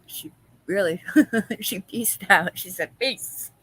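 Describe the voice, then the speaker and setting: A woman's voice: fairly low pitch, takes it slowly, bright, forceful tone, slightly rough, poor audio. A woman hosting a casual live-stream chat, gossiping, laughing often and reading viewers' comments aloud.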